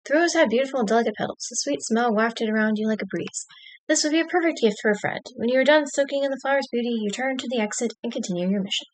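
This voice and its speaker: A woman's voice: fairly high pitch, quick pace. Wry woman reading an interactive story. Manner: wry, dry asides. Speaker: streamer.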